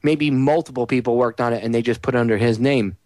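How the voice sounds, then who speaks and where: Male talk radio host, fired-up sarcastic rant, mid-pitched voice, dry sound. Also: fairly even intonation, fast talker, a little mellow, dry recording. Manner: heated, ranting, sarcastic.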